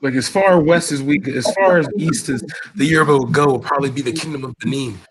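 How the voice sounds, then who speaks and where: A man's voice: medium pitch, fast talker, crowd noise. A man hosting a casual livestream chat, full of teasing, mock-outraged banter. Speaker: host.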